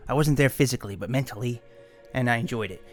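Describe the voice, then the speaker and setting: A man's voice: medium pitch, quick pace, faint music behind. A man live-streaming, reading news articles aloud and breaking off into irritated, swearing asides. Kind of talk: ranting news commentary.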